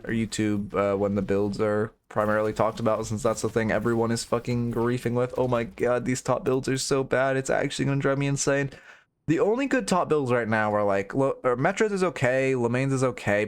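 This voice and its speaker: A young man streaming and coaching a game, rambling through frank, profane critique in casual commentary. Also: on the low side.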